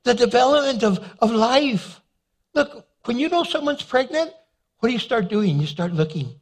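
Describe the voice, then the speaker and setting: A man's voice: very high voice, normal speed. A man preaching a humorous sermon as pastor, telling stories, acting out little scenes and laughing at his own jokes. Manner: animated storytelling, acts out little scenes and voices.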